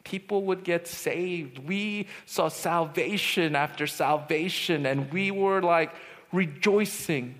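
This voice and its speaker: A man's voice: on the high side, slow. Dramatic preacher man in a reverberant hall. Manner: dramatic storytelling, swinging from hushed to loud. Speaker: retreat speaker. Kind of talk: testimony sermon. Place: large hall at a youth retreat.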